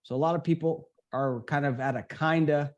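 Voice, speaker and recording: A man's voice: fairly high pitch, steady tone, fairly quick, muffled recording. A man hosting a live webinar, reading audience comments from the chat in an upbeat, loose way and repeating words as he goes.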